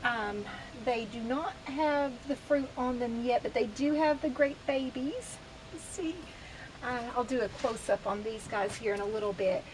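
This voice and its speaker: Speaking unhurriedly in a fairly high voice, this thirty-something vlogger chats to camera on her back porch deck outdoors. She laughs readily and pokes fun at herself, with background noise and faint outdoor ambience in the mix.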